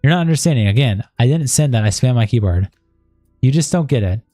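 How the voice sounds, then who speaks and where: A man's voice: medium pitch, lively intonation, quick pace, warm tone, dry recording, faint music behind. A man on a stream, reading a chat log aloud and breaking in with asides of disbelief.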